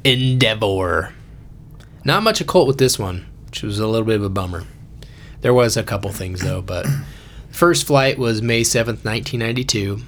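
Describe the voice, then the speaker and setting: A man's voice: lowish voice, expressive, normal speed, a bit bright, slight background noise. A man hosting a casual podcast, reading facts from notes and joking with friends. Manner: joking, laughs often, reads facts from notes. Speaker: podcast host. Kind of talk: casual chat.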